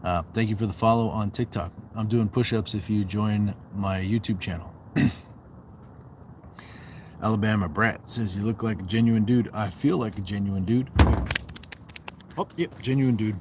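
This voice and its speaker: Lowish and moderately paced with long pauses, his voice comes through background noise as he walks outdoors. The Southwest US livestream host reads comments from viewers aloud and replies with playful, bantering remarks.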